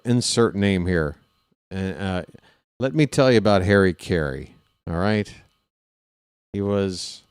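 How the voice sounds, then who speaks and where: Male stream host, unhurried rambling chat, clean dry voice on a close mic. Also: fairly low pitch, a little mellow, smooth, no room sound. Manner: chatty, rambling, joking asides to chat. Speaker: baseball live-stream host. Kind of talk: casual post-game stream chat.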